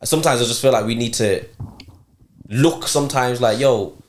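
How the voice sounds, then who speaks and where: A young man with a Birmingham accent co-hosting a podcast, talking in a measured, reflective way in casual chat. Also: medium pitch. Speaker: podcast co-host. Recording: echoey room.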